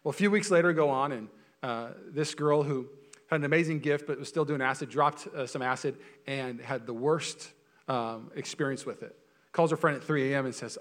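At a normal speed and medium pitch, a young pastor delivers his sermon with energy and a conversational feel. As he warms up, he frequently repeats his words.

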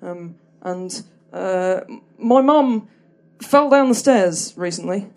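Woman doing stand-up, lots of ums and restarts, self-deprecating, middle pitch. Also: expressive, takes it slowly, a little mellow. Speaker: comedian. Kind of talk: stand-up storytelling.

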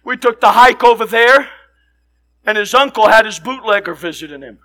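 A middle-aged man preaching a sermon, telling stories with passion and often shouting. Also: sits high, lively intonation, moderate pace. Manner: impassioned storytelling, frequently shouting.

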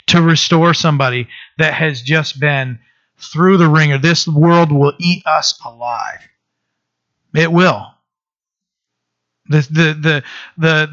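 A man preaching a conversational sermon to his church, reading scripture and explaining it with restarts and animated asides. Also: a little high. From Maine. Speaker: pastor. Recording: dull lo-fi sound.

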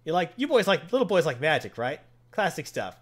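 A man voicing a sly, confident female cat burglar who teases in a relaxed drawl. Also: fairly high pitch, a little fast. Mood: teasing.

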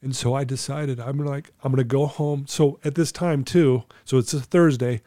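A middle-aged man telling his own life story as a guest, earnest and candid, at times emotional and clearing his throat. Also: mid-range voice, fairly even intonation, moderate pace, warm tone, dry recording, studio quality. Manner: earnest, candid, storytelling with quoted inner thoughts. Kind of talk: emotional personal testimony.

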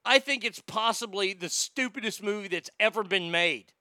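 A man hosts a talk podcast with a bright, forceful voice that is smooth and resonant. He reads listener comments and rants bluntly with plenty of swearing, jumping from loud outbursts to low muttering. The sound is dry and close. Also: moderate pace, no echo. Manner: blunt, profane ranting. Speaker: podcast host. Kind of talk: casual chat reading listener comments.

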